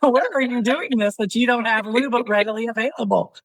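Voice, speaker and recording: A woman in her fifties spins a candid, comic story on a podcast, voicing both sides of the conversation and swearing freely. Her voice sits a little high for a woman, and the recording is close and dry with no room sound. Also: brisk, dry recording, low-quality recording. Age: 50s. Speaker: podcast guest.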